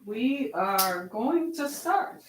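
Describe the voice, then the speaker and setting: A woman's voice: a little high, expressive, very slow, echoey room, noisy background. A woman hosting her web series, talking casually to camera, tired and a little wheezy from lack of sleep, with a chatty, exasperated, rambling manner.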